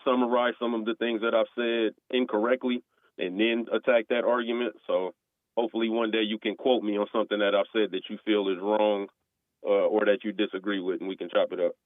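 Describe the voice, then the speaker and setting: A man with a somewhat low voice debates over a narrow, phone-like line. He speaks in a measured, direct way and presses his point, and the sound is dry and close. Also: level tone, no room sound. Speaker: regular caller.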